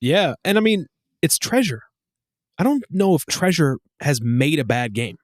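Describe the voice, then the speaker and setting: Animated, swearing man telling stories. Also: measured pace, no echo, clean studio sound. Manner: animated storyteller, swearing, acting out quotes in a high voice. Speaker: podcast co-host. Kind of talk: casual chat.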